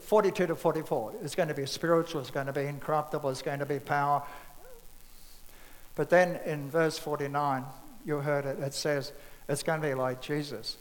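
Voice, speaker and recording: A man's voice: a little high, big-room sound, low-quality recording. A man preaching a sermon in a loose, conversational way, acting out bits of scripture dialogue.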